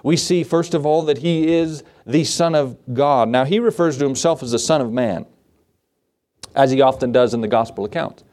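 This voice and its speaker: A male pastor preaching a sermon, animated, often asking the congregation rhetorical questions. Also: medium pitch, moderate pace.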